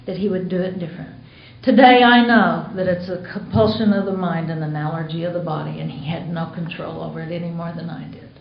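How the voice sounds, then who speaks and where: American woman, recovery speaker, candid storyteller, mid pitch, echoey dull conference tape. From United States. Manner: candid storytelling with acted-out quotes. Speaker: Al-Anon speaker. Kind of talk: recovery meeting share. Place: meeting hall. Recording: roomy dull conference recording.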